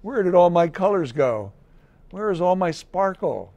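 A lonely, gentle little boy unicorn from a picture book, as a man reads him aloud. The voice is gravelly and a touch husky, spoken slowly, with the occasional jump up into a high storybook tone. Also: sing-song, no echo, highs cut off, full character voice. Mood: upset. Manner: storybook voice, sometimes pitched up high.

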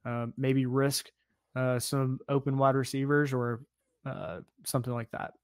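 A man's voice: mid-range voice, flat delivery, a little slow, no room sound, clean studio sound. A man co-hosting a casual sports podcast, talking in a loose, easygoing way full of "like" and "kinda.". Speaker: podcast co-host.

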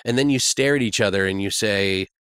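A man's voice: lowish voice, brisk, a bit bright, clean tone, no room sound, clean studio sound. Crude, jokey male podcast host. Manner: crude, jokey, laughs often. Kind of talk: casual chat.

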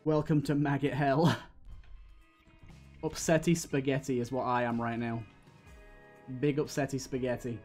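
A man's voice: mid-range voice, flat delivery, a little slow, long pauses, darkish tone, soft background music. A young British man streaming a game, giving exasperated running commentary full of swearing. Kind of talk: live gameplay commentary.

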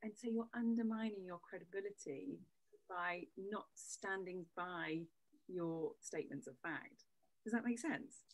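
A woman's voice: fairly low pitch, measured pace, poor audio. A woman, a voice coach, explaining her points in a conversational interview with worked examples. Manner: explanatory, uses demonstrative examples. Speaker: voice coach guest.

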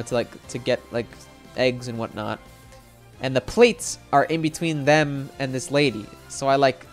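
Rambling young man telling a story. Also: fairly high pitch. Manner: rambling, heavy on "like" fillers and swearing. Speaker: streamer. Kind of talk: casual storytelling rant.

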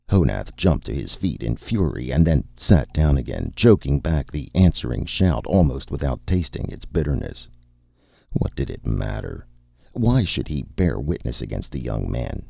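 A man narrating an audiobook in a measured storytelling read. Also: a bass voice, sing-song, creaky, warm tone, no echo. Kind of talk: scripted narration. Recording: dull, dry audiobook recording.

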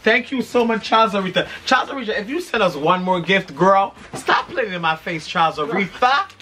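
A woman co-hosting a vlog, excitedly unboxing gifts with lots of drawn-out oohs, and a little hoarse from losing her voice. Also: mid-range voice. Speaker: vlog co-host. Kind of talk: casual unboxing chat.

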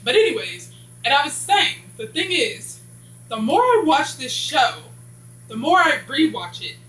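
A woman's voice: high-pitched, very animated, measured pace, fairly bright tone. A woman casually recapping a TV episode, rambling and skipping dialogue with "blah, blah.". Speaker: TV show reviewer. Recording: echoey room with faint hum.

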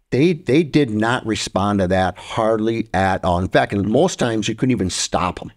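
Animated man telling hunting stories. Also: on the low side, moderate pace, hardly any pauses. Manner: animated storyteller imitating deer sounds. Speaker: podcast co-host. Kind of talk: storytelling.

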